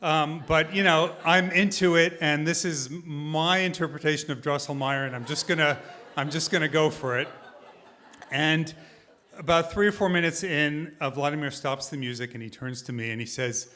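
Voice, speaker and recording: A man telling a personal story live on stage, animated and self-deprecating, often laughing as he talks. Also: a little high, normal speed.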